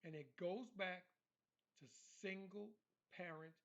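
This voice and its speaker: A man's voice: high-pitched, slow, a bit bright. Emphatic man on a dull lo-fi recording. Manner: emphatic, repetitive. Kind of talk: monologue commentary.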